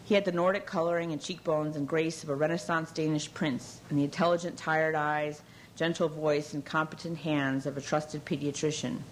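A woman narrating a novel aloud in a measured, even storytelling manner. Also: deep voice, a little hiss or hum, low-quality recording. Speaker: audiobook narrator. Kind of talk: scripted narration.

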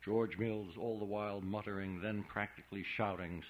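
A man narrating a novel in a measured, deliberate reading. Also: lowish voice, fairly even intonation, rough recording. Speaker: audiobook narrator. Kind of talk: scripted narration.

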